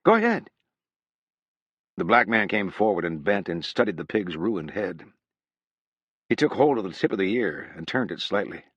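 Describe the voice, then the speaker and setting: A man narrating a literary novel in a measured, unhurried storytelling manner. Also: deep voice, animated, breathy edge, no echo, muffled recording. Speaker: audiobook narrator.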